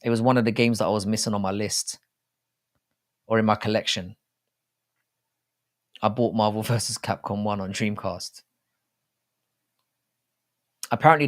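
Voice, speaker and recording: Man chatting on a live stream. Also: fairly low pitch. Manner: loose and swearing, addresses chat as mate and bro. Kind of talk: casual live chat reading viewer comments.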